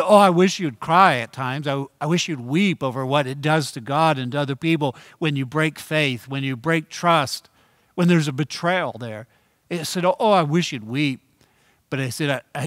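A middle-aged man preaching a sermon as pastor, earnest, repeating key phrases and slowing down for emphasis. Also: fairly high pitch, a bit bright, dry recording, studio quality.

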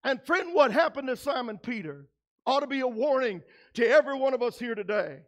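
A pastor preaching a sermon, emphatic and building to shouts, who acts out quoted voices in his own voice. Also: extremely high pitch, animated, brisk.

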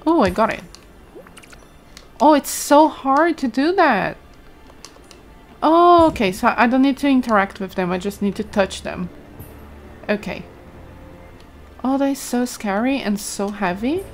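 A woman's voice: fairly high pitch, expressive, unhurried, pauses often, faint music behind. A young woman from Brazil, chatting casually over gameplay, exclaiming often and reading chat aloud. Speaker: streamer.

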